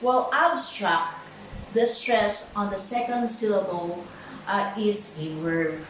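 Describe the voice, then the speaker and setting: Slow woman teacher in an echoey room. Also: medium pitch, distant mic, a little hiss or hum. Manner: slow, halting, many fillers and repeated words. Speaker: English pronunciation teacher. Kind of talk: slow classroom lesson.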